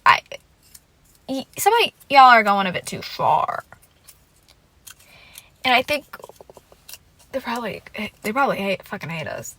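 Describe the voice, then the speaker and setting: A woman's voice: a little high, no room sound. A woman hosting a casual solo podcast, rambling and venting with lots of "like" and frequent swearing. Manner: animated and emotional fan venting. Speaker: podcast host.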